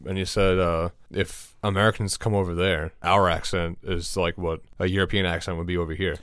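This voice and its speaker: A man's voice: deep voice, flat delivery, fairly quick, a bit bright, smooth, no room sound, clean studio sound. A man co-hosting a podcast, chatting casually, laid-back and swearing now and then. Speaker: podcast co-host.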